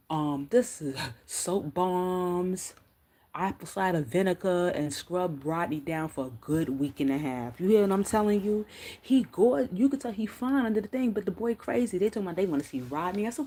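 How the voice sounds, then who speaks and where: Husky woman streaming on her phone, aave, fast and cussing a lot, kinda low voice. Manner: fast, profane, animated storytelling with slang. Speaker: live stream host. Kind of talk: unfiltered casual rant.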